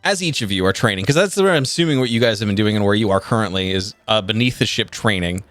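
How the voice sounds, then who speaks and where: A man's voice: fairly low pitch, fast talker, a bit bright, dry recording, faint music behind. A man narrating a tabletop game as game master, in a casual, rambling manner full of filler words.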